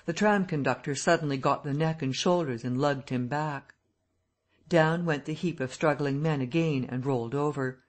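A man reading a classic novel aloud as an audiobook narrator, telling the story in a steady, even way. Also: a little high, moderate pace.

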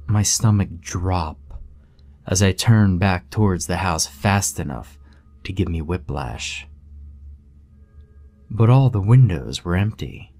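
A man reads a creepy tale in a low, mellow voice. His delivery is steady and somber, made for scripted horror narration. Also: slow pace. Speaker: storyteller.

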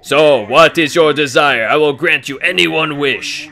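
A man voicing a deep, god-like male dragon who grants wishes, speaking slowly and solemnly. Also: vocal fry, bright, forceful tone, exaggerated voice. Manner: slow, solemn, drawn-out delivery.

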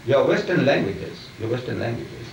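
Older man, emphatic debater, repeats his questions, raised pitch, distant mic, faint room hum. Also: very animated, normal speed, vocal fry. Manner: emphatic, repetitive, drilling questions. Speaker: debating preacher. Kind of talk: heated religious debate. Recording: roomy and distant, faint ambience.

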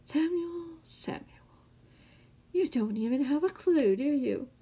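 A mysterious male caller who taunts and mocks in a high, lilting voice, as a woman reading a story puts him on. His pitch swoops widely. He sounds sly and menacing. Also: very animated, moderate pace, a little mellow, full character voice. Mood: taunting. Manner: taunting, mocking.

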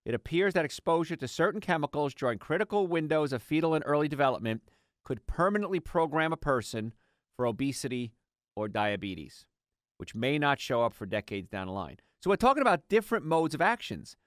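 A middle-aged man hosting a health radio show, telling patient stories in an animated, conversational way. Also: fairly high pitch, fairly quick, no echo, studio quality. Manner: animated storytelling, acts out patients' lines.

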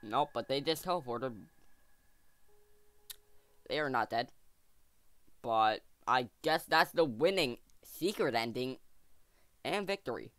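A man hosting a let's play video, thinking aloud to his viewers in a jokey, excitable way. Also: mid-range voice, takes it slowly, long pauses, no room sound. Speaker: gaming channel host.

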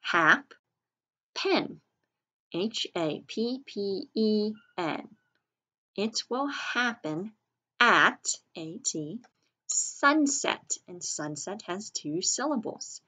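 A woman's voice: medium pitch, expressive, takes it slowly, sharp tone, husky. A woman teacher giving a recorded spelling lesson, patient and careful, spelling words out letter by letter.

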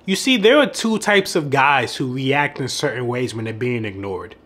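A man's voice: medium pitch, expressive, normal speed, a bit bright. A young man who coaches on dating, telling a story in a casual vlog, laughing often and swearing freely.

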